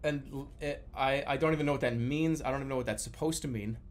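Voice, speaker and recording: Streaming casually, a young man describes his dreams at a fast clip in a medium-pitched voice. His storytelling is animated, full of acted-out quotes laced with profanity.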